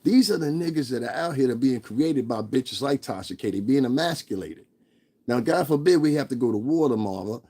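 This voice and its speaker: Brief: husky male vlogger, mid-pitched, profane and blunt, emphatic rant. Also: animated, fairly quick, dark tone. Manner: profane, blunt, emphatic, laughs between points. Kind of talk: ranting commentary.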